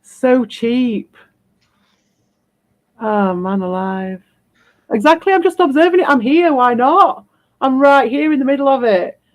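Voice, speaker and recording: A woman's voice: high voice, lively intonation, measured pace, pauses often, highs cut off. Blunt, combative woman streamer. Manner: blunt, combative, swears freely. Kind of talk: livestream rant.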